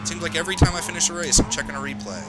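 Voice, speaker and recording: A man with a fairly high voice talks very fast as he streams a racing game over loud music. While driving he rants to himself, frustrated about a crash, in live gameplay commentary.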